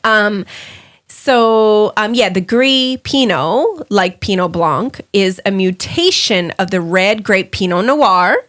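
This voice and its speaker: A woman's voice: medium pitch, takes it slowly, fairly bright tone. A woman co-hosting a casual chat podcast, playful and teasing, often laughing. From Australia. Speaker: podcast co-host.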